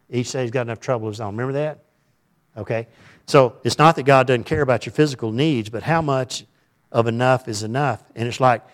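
A middle-aged man preaching a conversational sermon in a folksy, rambling way, often putting questions to his listeners. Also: mid-range voice.

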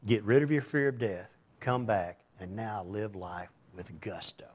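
A man's voice: lowish voice, a little slow, darkish tone. A man preaching a sermon in a conversational way, reading scripture aloud and acting out the voices in it. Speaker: pastor.

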